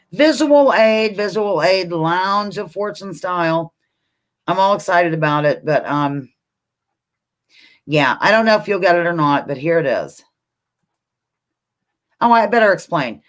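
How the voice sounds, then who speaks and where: Woman, home live-stream quiz host, lively up-and-down delivery, chatty with viewers. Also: on the low side, measured pace, pauses often. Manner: chatty, reads viewer comments aloud, talks to her dog between questions. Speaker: livestream host. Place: home, indoors.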